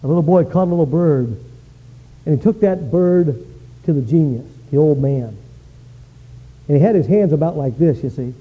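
A male pastor preaching a sermon, telling stories with lively swings from quiet to shouting. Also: on the high side, slightly rough. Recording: dull lo-fi sound.

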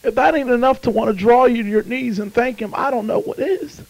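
A man delivers a sermon in a high voice. He drops to a hush while telling a story, then climbs to fervent shouts. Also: fairly quick, low-quality recording. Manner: impassioned, swings from hushed to shouting. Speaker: preacher.

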